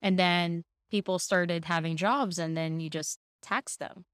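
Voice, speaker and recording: A woman's voice: on the low side, steady tone, a little slow, clean tone, dry recording. Dry-sounding woman podcast co-host. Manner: explanatory, laughs often. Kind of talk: casual chat.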